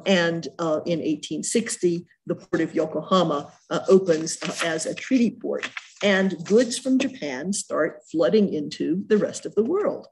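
A woman's voice: on the low side, a little mellow. A middle-aged woman giving an art history lecture as a museum curator, chatty and full of ums and self-corrections.

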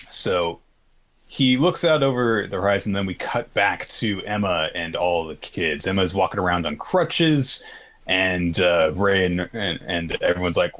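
Casual male podcast co-host, very low voice, rambling filler-heavy retelling. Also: fairly bright tone. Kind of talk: casual recap chat.

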